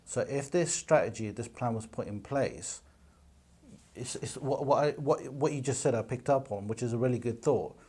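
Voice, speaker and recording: A man's voice: mid-range voice, moderate pace, warm tone, husky. Hesitant questioning man in casual talk. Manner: thoughtful, questioning, hesitant with restarts. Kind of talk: casual discussion.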